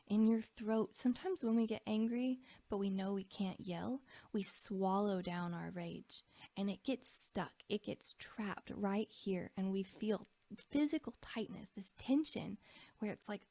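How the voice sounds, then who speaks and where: A woman leads a slow, gentle guided reflection on feelings in the body. Her voice is mellow with a gravelly edge, and she often sinks to a soft whisper. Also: mid-range voice, no echo. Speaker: emotional wellness teacher.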